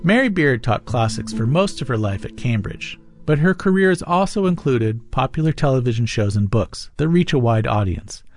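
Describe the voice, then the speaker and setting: A man's voice: medium pitch, animated, moderate pace, few pauses, soft background music. A man hosting a radio interview, asking plain conversational questions.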